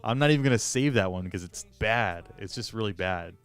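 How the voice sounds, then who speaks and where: A man's voice: lowish voice, animated, a little fast, smooth. A man chatting casually on a live stream, rambling and self-deprecating with lots of fillers, greeting viewers as he goes. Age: adult. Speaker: streamer and hobby modder.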